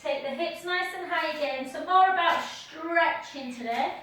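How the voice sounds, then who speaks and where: A woman leading a live pilates class from home, cueing gently with counts and chatty asides. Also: high voice, moderate pace. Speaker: pilates instructor. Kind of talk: live online class instruction. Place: home room with dog nearby. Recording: echoey room heard from a distance.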